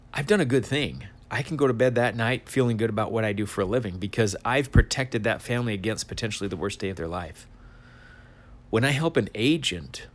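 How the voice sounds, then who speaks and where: A man giving a motivational talk to insurance sales agents in an energetic coaching manner, repeating short exhortations. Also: on the low side. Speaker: insurance agency leader.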